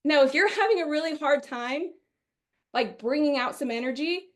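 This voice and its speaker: A middle-aged woman from Wisconsin giving a chatty, energetic sales training webinar, often acting out what customers say. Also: high-pitched, moderate pace.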